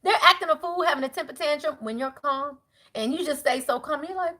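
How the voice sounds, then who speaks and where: A middle-aged woman giving a live tarot reading to viewers, animated and preachy, casual and outspoken, dropping to a hush when she prays. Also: high voice, a little fast. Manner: animated, preachy, swinging from loud to hushed prayer; casual, outspoken, swears freely. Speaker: tarot reader.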